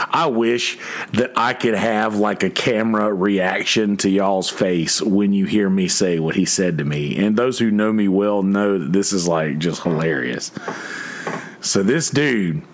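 A man, a musician telling a story to his viewers in a casual, blunt and profane way, raising his voice to quote people. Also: on the low side. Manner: profane, blunt, quoting others in a raised voice. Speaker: musician in a two-piece band.

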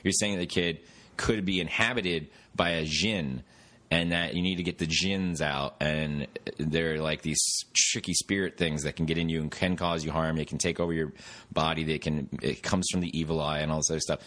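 Deep-voiced rambling podcast host. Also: male voice, steady tone, moderate pace, fairly bright tone. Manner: rambling, profane, tangent-prone storytelling. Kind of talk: casual chat.

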